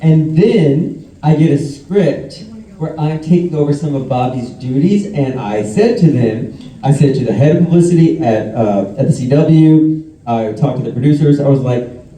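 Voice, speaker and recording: Guy on a con panel, dark mellow voice, roomy hall sound from far off, chatty stories. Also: on the high side, a little slow. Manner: chatty storyteller, laughs mid-story. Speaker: convention panelist. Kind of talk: anecdotal panel talk. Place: convention hall. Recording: roomy hall audio from a distance.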